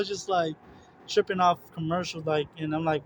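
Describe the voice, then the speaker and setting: A young man with a slightly raised pitch talks in a loose, confessional monologue. He rambles, doubling back on his words and stringing thoughts together with fillers. The tone is earnest and personal. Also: steady tone, normal speed, a little hiss or hum. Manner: rambling, repeats words and restarts, many fillers. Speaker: religious video host. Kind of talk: casual spiritual monologue.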